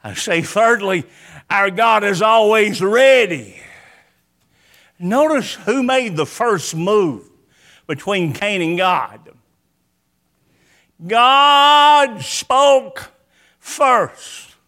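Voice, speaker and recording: A man's voice: high voice, lively intonation, slow pace, long pauses, a bit bright. A man preaching a sermon at a church service. He repeats key lines and stresses his points emphatically. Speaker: pastor.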